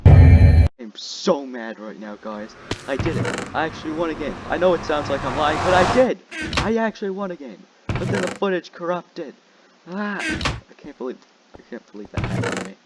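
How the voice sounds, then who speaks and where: A young man giving casual gameplay commentary as a channel host, jokey and excitable, shouting when frustrated. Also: fairly high pitch, brisk. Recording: loud background noise.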